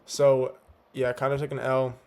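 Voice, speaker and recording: Young man with a slight lisp, flat delivery. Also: medium pitch, unhurried, clear, resonant tone. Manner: laid-back, slangy, filler-heavy. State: slight lisp from teeth strips. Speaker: day trader. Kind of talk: casual trade recap. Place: home at night.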